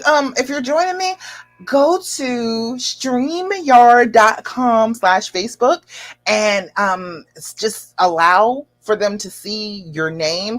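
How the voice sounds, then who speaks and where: A woman hosting a live stream as a love coach, reading out viewer comments and giving encouraging advice with lively jumps in pitch and frequent laughs. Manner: animated and encouraging, with big leaps up in pitch; laughs often while talking.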